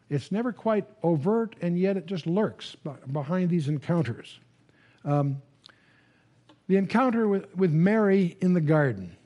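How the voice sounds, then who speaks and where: A man's voice: on the high side, warm tone, muffled recording. A man teaching the Bible to a live audience in a conversational lecture style, often restarting with repeated words and asking the listeners questions.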